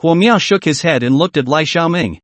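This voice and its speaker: A man's voice: a little high, expressive, moderate pace, no echo. A man narrating a scripted comic story recap in a dramatic storytelling manner.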